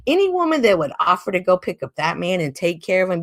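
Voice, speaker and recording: A woman livestream host lays into her critics with profane sarcasm. Her pitch swings widely and sits somewhat low. The sound is dry and close. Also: sing-song, quick pace, fairly bright tone, no room sound. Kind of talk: heated livestream commentary.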